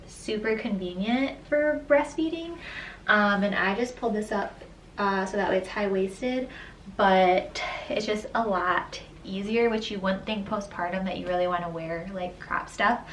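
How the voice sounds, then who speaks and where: A woman's voice: medium pitch, a bit bright. A young woman and new mother chatting casually about her outfits, with many "like" and "um" fillers. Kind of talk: casual outfit try-on chat. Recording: roomy echo, distant mic, faint room noise.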